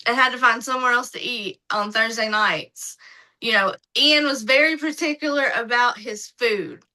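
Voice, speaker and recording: Woman guest, high bright voice, lively casual storyteller. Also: normal speed, rough recording. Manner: lively, acts out other people's lines in her retelling. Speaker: podcast guest.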